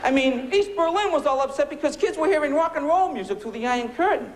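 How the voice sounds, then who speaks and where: Male stand-up comedian, sarcastic, lively swooping voice, high-pitched, faint room noise. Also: fast. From United States. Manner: biting, sarcastic, punchy rhetorical questions. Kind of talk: stand-up routine. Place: comedy club stage before a laughing audience.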